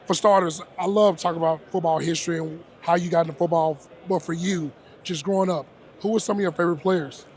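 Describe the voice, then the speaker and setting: A man's voice: fairly high pitch, fairly even intonation, quick pace, darkish tone. A young man from Texas hosting a casual sports interview, upbeat and jokey, saying "man" a lot. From Texas, Dallas area. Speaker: interviewer, host.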